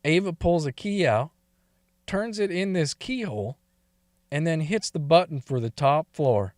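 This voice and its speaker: Slow, lively, profane male storyteller. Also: fairly high pitch, dry recording, studio quality. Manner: profane, laughs often between lines. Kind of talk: casual crude storytelling.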